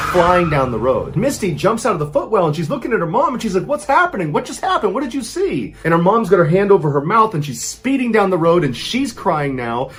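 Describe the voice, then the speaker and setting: A man narrating a true horror story in a suspenseful storytelling style. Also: a little high. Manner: suspenseful, builds tension with rising intensity.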